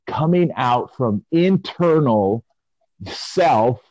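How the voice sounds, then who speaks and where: A man in his forties co-hosting a casual chat, reflective and rambling, with drawn-out pauses. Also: mid-range voice, animated, darkish tone, no echo. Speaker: podcast co-host. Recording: dull lo-fi audio.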